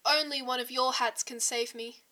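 Woman voicing an excitable, pushy young man. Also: high-pitched, normal speed. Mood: playful. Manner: eager, teasing, wheedling.

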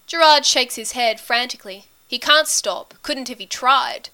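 A woman narrating a story as an audiobook reader, in a steady, intimate storytelling manner. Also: high voice, a little slow.

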